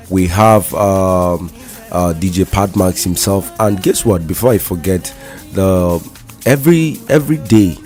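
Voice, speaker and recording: A Nigerian man with a very low voice co-hosts a casual radio talk show. He talks in halting stretches, restarting and repeating words as he goes, with faint music playing behind him. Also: a little mellow. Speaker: radio co-host.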